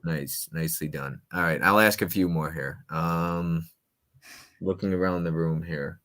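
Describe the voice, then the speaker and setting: Deep-voiced playful male quiz host. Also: fairly even intonation, measured pace. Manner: playful, restless, jumps between loud and quiet. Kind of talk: casual quiz chat.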